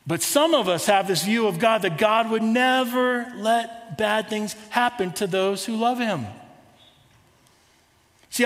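High-voiced male pastor preaching. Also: a bit bright, in a large hall. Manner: conversational preaching with rhetorical questions. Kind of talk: sermon.

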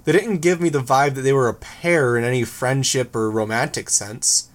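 Guy narrating a novel, even steady reading. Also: mid-range voice, moderate pace. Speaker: audiobook narrator. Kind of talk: first-person novel reading.

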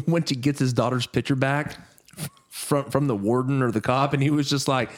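A man's voice: mid-range voice, moderate pace. A man hosting a podcast, chatting casually about a movie, laughing often and swearing freely. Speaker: podcast host.

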